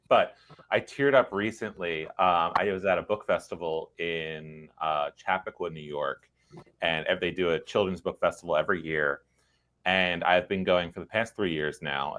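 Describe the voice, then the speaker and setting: Male novelist and co-host, very low voice, relaxed rambling storyteller in casual livestream chat. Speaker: young adult novelist and podcast co-host.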